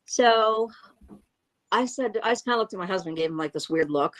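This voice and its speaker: A woman giving a halting, emotional eyewitness account, often breaking off and restarting. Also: medium pitch, lively intonation, no echo. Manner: angry and frustrated. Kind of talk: emotional first-hand account.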